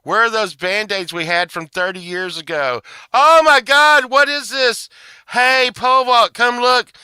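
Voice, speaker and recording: A man putting on the voice of his excited, gushing middle-aged wife, exclaiming breathlessly. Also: extremely high pitch, a little slow, clean tone, dry recording, voice pushed up, exaggerated voice.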